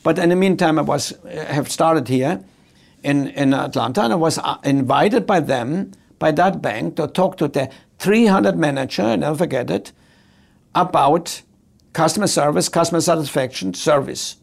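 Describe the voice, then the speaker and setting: A man's voice: on the high side, normal speed, creaky. An older man, a hotel executive, telling a story in an emphatic way and repeating his key points. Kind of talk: storytelling talk.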